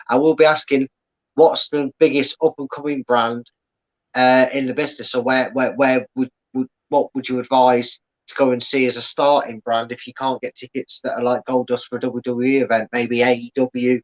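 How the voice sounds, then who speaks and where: A man chatting casually as a guest, plugging his podcast and explaining at length with many fillers. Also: medium pitch. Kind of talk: casual chat. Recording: slightly dull lo-fi audio.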